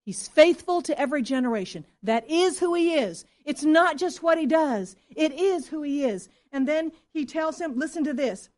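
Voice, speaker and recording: A woman pastor preaching a sermon to her church, impassioned and then soft and earnest. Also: high voice, lively intonation, normal speed, hardly any pauses.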